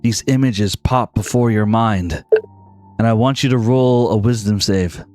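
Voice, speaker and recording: A man running a tabletop game, narrating scenes in a steady, dramatic way. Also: fairly low pitch, unhurried, faint music behind. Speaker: game master.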